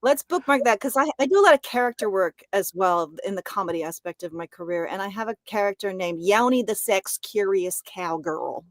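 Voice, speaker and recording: A woman talks about her songwriting in a casual interview, eager and quick to laugh. Her voice sits at a middle pitch and is recorded dry and close, with no room echo. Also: animated. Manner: enthusiastic, laughs often. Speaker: guest singer-songwriter.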